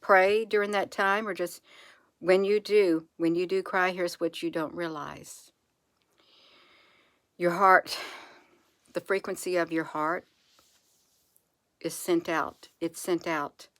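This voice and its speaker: A woman speaking softly and reassuringly to her viewers, repeating phrases slowly in an encouraging spiritual monologue. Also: on the low side, dry recording. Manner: soft, repetitive, reassuring, with slow drawn-out phrases. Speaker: channel host.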